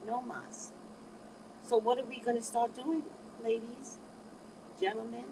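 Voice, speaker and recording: A woman's voice: a little high, moderate pace, creaky, background noise. A middle-aged woman giving casual motivational advice, acting out quoted voices as she talks. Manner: animated, quotes others in changing voices. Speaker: speaker giving life advice.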